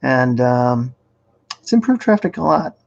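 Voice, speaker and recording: Gravelly-voiced man hosting a live stream. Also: mid-range voice, very animated, unhurried, muffled recording. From Boston area, Massachusetts. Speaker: host running a video challenge. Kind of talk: casual live-stream chat.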